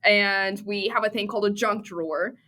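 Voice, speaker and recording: A woman from the US Midwest, a cybersecurity expert guest, telling a lively anecdote in a conversational podcast, often laughing. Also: mid-range voice, moderate pace.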